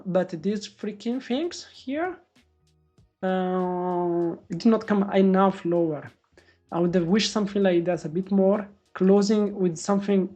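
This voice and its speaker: A woman day trader live-streaming her trades, talking excitably to viewers and swearing freely. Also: on the low side, lo-fi sound. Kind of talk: live-stream trading commentary.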